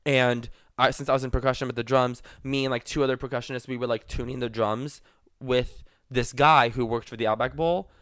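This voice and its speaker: A young man co-hosting a podcast, telling a story in a rambling, animated way with lots of likes and laughs. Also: mid-range voice, fairly quick, clear, resonant tone, no echo, studio quality. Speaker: podcast co-host. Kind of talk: casual storytelling chat.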